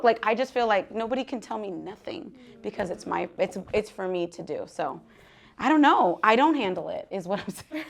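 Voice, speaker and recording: A woman in her thirties talking candidly to an audience at a book talk, animated, laughing often and dropping to hushed asides. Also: mid-range voice, moderate pace, gravelly. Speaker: guest author speaking at a book talk. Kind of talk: casual live talk to an audience.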